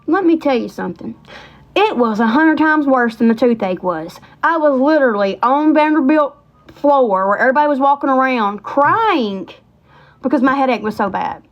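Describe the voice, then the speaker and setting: A woman, telling rambling stories in a casual, animated livestream chat. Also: sits high, normal speed, lo-fi sound. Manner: chatty, animated, rambling with Southern colloquialisms. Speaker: livestream host.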